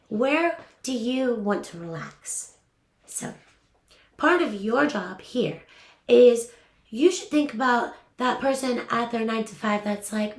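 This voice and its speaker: Young woman, voiceover coach, casual and upbeat, slightly high voice, roomy echo. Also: a little slow, gravelly. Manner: chatty, upbeat, many fillers. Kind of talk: casual teaching talk. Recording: echoey room.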